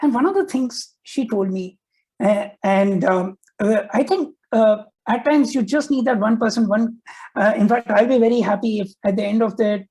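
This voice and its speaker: Mellow, husky-voiced man. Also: high-pitched, low-quality recording. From India. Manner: earnest, halting, many fillers. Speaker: podcast guest, banker. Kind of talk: casual interview chat.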